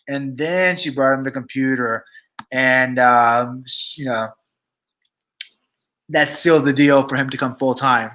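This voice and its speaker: A man's voice: mid-range voice, fairly even intonation, unhurried, pauses often, a bit bright. A man giving casual, sassy gossip commentary to his viewers, chatty and talking straight to the live chat. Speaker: vlogger.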